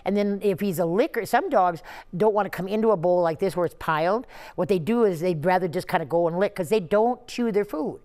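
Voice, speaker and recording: A lower-voiced woman dog trainer answers questions on a talk show. She is chatty and laughs easily, breaking into little acted-out scenes as she explains. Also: fairly quick, a little mellow. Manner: chatty, laughing, acts out scenes with her dogs. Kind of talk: casual advice chat.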